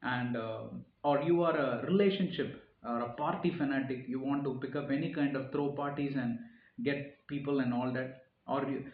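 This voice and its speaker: A man's voice: medium pitch, echoey room, highs cut off. A man giving an earnest, sermon-like reflection, often repeating phrases and pushing his key points harder. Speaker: speaker giving a reflective talk. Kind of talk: informal sermon-style reflection.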